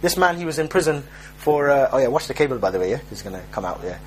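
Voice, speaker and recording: A young preacher with a medium-pitched, sing-song voice talks fast through an informal religious talk. He tells streetwise, jokey stories and mimics the people in them. Slight background noise can be heard.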